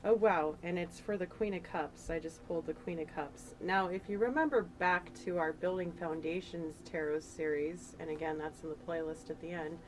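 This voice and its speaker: A woman's voice: on the low side, noisy background. A woman giving a casual, emotional tarot reading, chatty and rambling with fillers. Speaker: tarot reader.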